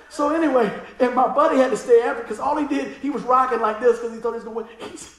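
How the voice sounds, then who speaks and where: A middle-aged male pastor with a high voice tells a comic story from the pulpit, laughing as he goes and then sinking into hushed asides. His voice carries through a roomy, echoing hall. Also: fast, few pauses. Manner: animated, laughing storyteller who drops to quiet asides. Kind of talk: sermon with humorous storytelling.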